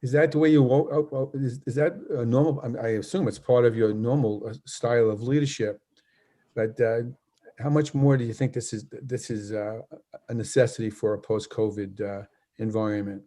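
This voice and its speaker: A man's voice: mid-range voice, fairly even intonation, moderate pace, mellow. A man hosting an interview who praises his guest effusively and stammers and repeats words as he talks. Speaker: host. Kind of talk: interview chat.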